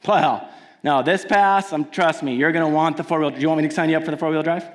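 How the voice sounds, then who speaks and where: A man's voice: a little high, fairly even intonation, fast talker, close to an everyday voice. A man playing an insistent rental car salesman who exaggerates his warnings, told on stage. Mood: pushy. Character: pushy male car rental salesman, middle-aged.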